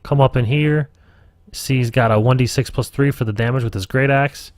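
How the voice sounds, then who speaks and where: A man's voice: mid-range voice, fairly even intonation, a little fast, dry recording, clean studio sound. A man running a casual live tutorial stream as game master, rambling, swearing and talking to himself at his computer. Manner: rambling, profane, self-talking.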